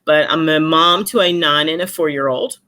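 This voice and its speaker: A romance author in her forties chats as a guest in a casual interview over a video call. She's an animated storyteller who acts out other people's voices, speaking in a low-pitched voice at a moderate pace.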